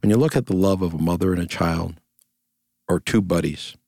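Gravelly low-voiced older man. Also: a little fast, a little mellow, dry recording. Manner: storytelling, earnest, repeats phrases in lists. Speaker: interview guest. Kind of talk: reflective conversation.

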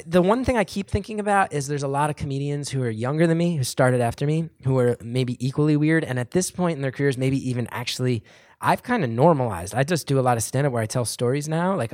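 A man's voice: medium pitch, a little mellow, dry recording, clean studio sound. A man in his late thirties, a comedian answering audience questions in a rambling, self-deprecating way, with lots of "like" and restarts. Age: 30s. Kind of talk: casual rambling Q&A talk. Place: live venue with an audience.

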